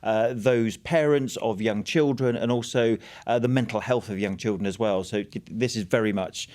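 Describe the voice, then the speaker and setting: A man, a royal editor, explains news events in a halting way with many fillers. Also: fairly low pitch, a little mellow. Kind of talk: news discussion.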